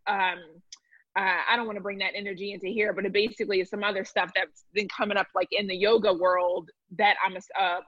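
A woman speaking as a guest in a candid conversation, earnest and reflective, often pausing and restarting. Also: medium pitch, level tone, fairly bright tone, dry recording. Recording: dry, dull lo-fi sound.

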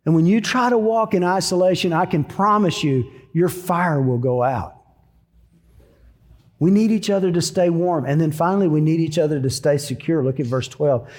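A man's voice: fairly high pitch, normal speed, darkish tone, long reverb tail. A middle-aged man preaching a sermon, telling stories in a folksy, conversational way. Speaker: pastor.

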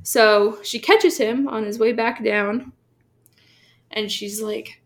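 Slow, gravelly-voiced woman recapping comics. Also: a little high, steady tone. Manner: chatty, filler-heavy, acts out quotes. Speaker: podcast co-host. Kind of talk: casual comic book recap.

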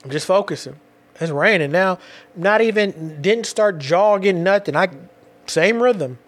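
Man with kids, casual personal storyteller, lively street slang, slightly higher pitch. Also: unhurried. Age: adult with children. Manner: animated, slangy, repeats himself and restarts.

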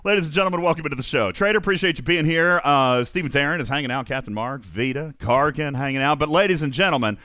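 A man's voice: on the high side, fast talker, few pauses, bright, forceful tone, no echo, clean studio sound. A man hosting a podcast, reading comedic news bits and chatting, often laughing through his own jokes. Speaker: podcast host.

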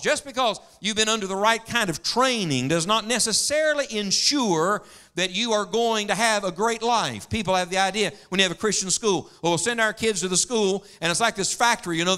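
Bright high-voiced male preacher. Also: smooth. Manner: earnest, preacherly, quotes others aloud. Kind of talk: sermon.

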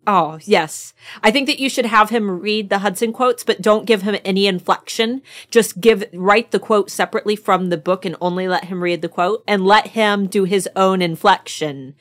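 A woman's voice: mid-range voice, moderate pace, few pauses. An American woman co-hosting a casual book podcast, teasing her co-host and giggling. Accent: American English. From United States. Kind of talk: casual chat.

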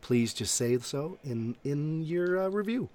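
A man hosting a casual podcast chat, animated and laughing a lot. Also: on the high side, unhurried. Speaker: podcast host.

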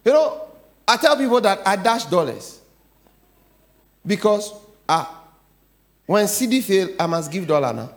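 A middle-aged man, a pastor with a Ghanaian English accent, preaching a sermon, swinging from quiet asides to loud declarations. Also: high voice, sing-song, unhurried, long pauses.

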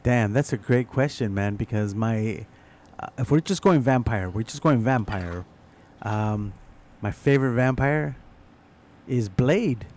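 A man chatting casually with friends, relaxed, swearing often and trailing off mid-sentence. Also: medium pitch, measured pace. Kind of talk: casual chat.

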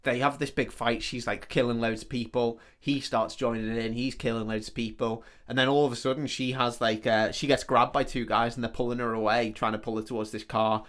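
A man's voice: mid-range voice, level tone, fairly quick, few pauses, a bit bright. Man casually retelling a film plot. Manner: rambling retelling full of "like" and swearing. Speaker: podcast co-host.

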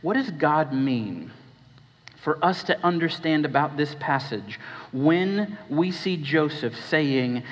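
A man preaching a sermon as pastor, talking with the congregation and asking them questions, his voice dropping low and then rising. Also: animated, slow. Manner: conversational, questioning the congregation, shifting between hushed and raised. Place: church hall. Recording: dull recording with long hall reverb.

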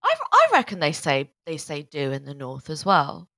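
Woman, low pitch, halting, soft-trailing podcast co-host, dry mic. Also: wildly swooping pitch, no echo. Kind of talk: casual chat.

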